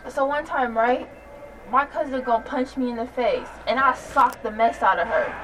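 Brief: woman, slangy animated storyteller, bit high voice, heard from across a noisy room. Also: moderate pace, over music. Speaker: storyteller in group chat. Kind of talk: casual chat. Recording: distant mic with noisy room.

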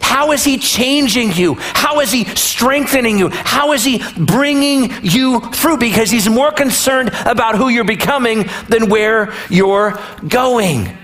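A man's voice: very high voice, a little slow, hardly any pauses, a bit bright. A man preaching a sermon as a pastor in a conversational way, full of rhetorical questions and joking asides.

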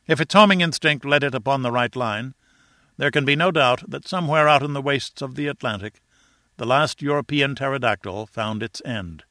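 A man narrates a classic adventure novel with an earnest, dramatic lilt. His voice is bright and forceful, and the recording is dry and close to the mic. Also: mid-range voice, normal speed, dry recording. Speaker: audiobook narrator. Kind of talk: first-person literary narration.

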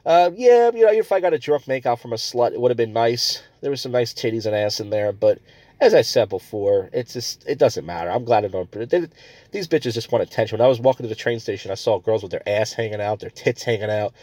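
A man's voice: mid-range voice, expressive, fairly quick, a little mellow, dry recording. A man hosting a comedy podcast, ranting crudely and rambling between stories. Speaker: podcast host.

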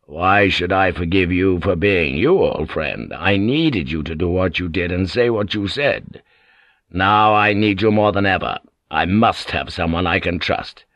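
A narrator dropping into a shrewd aging warlord, deep and unhurried, each word weighed with quiet authority. The sound is close and dry. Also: male voice, no room sound, muffled recording. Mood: scheming. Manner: measured, authoritative, sly. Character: aging male warlord, cunning and commanding. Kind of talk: audiobook character voice.

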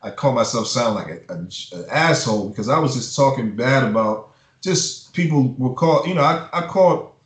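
A man's voice: medium pitch, animated, moderate pace. A man who works as a music publisher, giving blunt, profane advice in a casual interview and ranting with heat. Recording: roomy echo.

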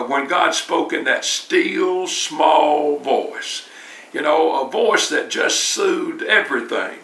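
A man's voice: on the high side, pushed and bright. A man preaching a sermon in a church, talking in a conversational way and often repeating words as he restarts. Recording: roomy, distant mic.

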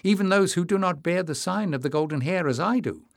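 A man reading an audiobook voices an excitable young man who talks in an eager, breathless way. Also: high-pitched, a little fast, dry recording, clean studio sound, pitched above the performer's own voice.

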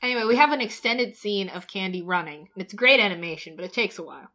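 A woman chats casually through an episode recap, sprinkling "like" everywhere and laughing at her own retelling. Her voice sits in a middle register, relaxed and conversational. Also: mid-range voice, fast talker. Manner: chatty, lots of "like" and laughs.

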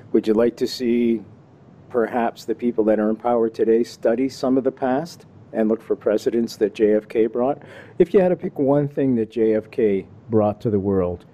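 Canadian man, talk show host, very dark mellow tone, folksy and lively delivery. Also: on the low side, moderate pace. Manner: folksy, animated, playful. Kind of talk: relaxed talk show hosting. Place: Kingston, Ontario.

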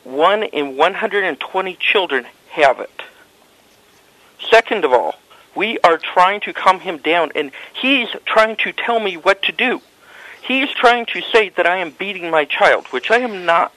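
A man calling a hotel desk with a complaint, measured, deliberate and insistent. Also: high-pitched, animated, bright, forceful tone, no room sound, rough recording. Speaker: hotel guest caller. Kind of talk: phone complaint.

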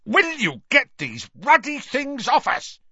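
A man's voice: very high-pitched, wildly swooping pitch, slow pace, dry recording, pitched above the performer's own voice, heavily acted. A man voicing a blustering, bad-tempered middle-aged uncle who bellows, in a dry, slightly dull recording. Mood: angry. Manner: shouting, bellowing.

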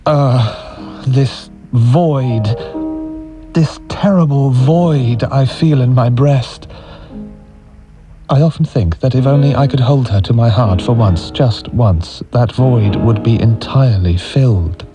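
A man's voice: medium pitch, slow pace, music in the background. A man giving an anguished, emotional dramatic reading of letters. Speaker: reader.

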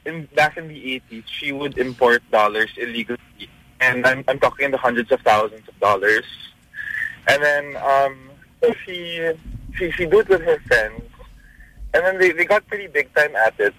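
A man calling in to a radio show, telling a story with halting, hesitant phrasing. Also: mid-range voice, sharp tone, no echo, poor audio. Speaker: caller.

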